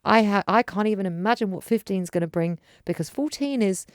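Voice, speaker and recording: A woman in her forties, co-hosting a podcast and telling family stories in animated casual chat. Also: mid-range voice, brisk, no room sound, studio quality. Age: 40s. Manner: animated storytelling, acts out quotes. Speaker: podcast co-host.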